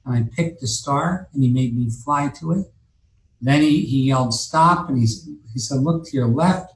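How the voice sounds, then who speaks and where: A man's voice: medium pitch, moderate pace, darkish tone, slight background noise. Rambling, profane man in an echoey room. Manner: rambling, profane, many restarts and fillers. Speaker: guest telling his story. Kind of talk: casual storytelling.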